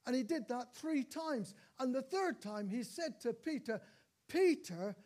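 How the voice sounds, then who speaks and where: High-voiced preacher man, storytelling sermon. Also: normal speed, darkish tone. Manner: storytelling with dramatic repeats and exclamations of praise.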